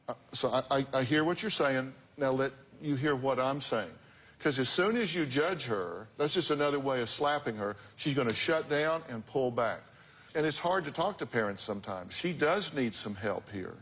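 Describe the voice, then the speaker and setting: Blunt, forceful male talk show host. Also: mid-range voice, animated, normal speed, husky. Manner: forceful, direct, lecturing.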